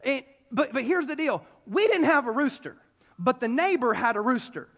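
A man from South Carolina preaches to a gathered crowd in a very high voice. He tells the story with animated, playful energy and slips into character voices. A long reverb from the hall trails after each phrase. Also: normal speed. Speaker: pastor. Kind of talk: sermon. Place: large hall before an audience.

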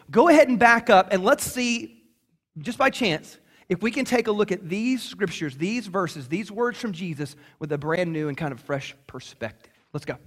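A man preaching a sermon to a congregation, lively and conversational, acting out little voices as he tells the story. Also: high-pitched, normal speed. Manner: animated, acts out voices in quotes. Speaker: pastor.

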